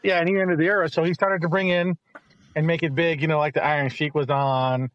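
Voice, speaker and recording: A middle-aged man, the host's father, telling long rambling stories in casual chat and turning animated when he quotes others. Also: fairly high pitch, a little fast, dull audio.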